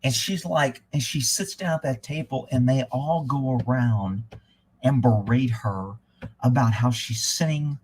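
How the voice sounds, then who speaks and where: A man's voice: mid-range voice, a little slow, darkish tone, a little hiss or hum. A man hosting a live stream, telling a story and ranting in heated, profane casual talk that rambles and breaks off mid-thought. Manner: rambling, with self-interruptions. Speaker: livestream host.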